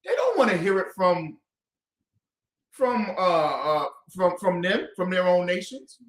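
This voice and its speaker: A man's voice: sits high, big pitch swings, a little slow. A man leading a call-and-response Bible class, quizzing his students with emphatic questions. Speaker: class teacher. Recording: echoey room.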